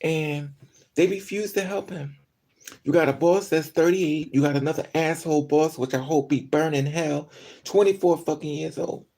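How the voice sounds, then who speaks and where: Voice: mid-range voice, steady tone, normal speed, warm tone. Upset vlogger ranting to the camera, cursing a lot, lots of um and uh, cried out all day. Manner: angry, profane venting with frequent fillers. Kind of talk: emotional monologue to camera.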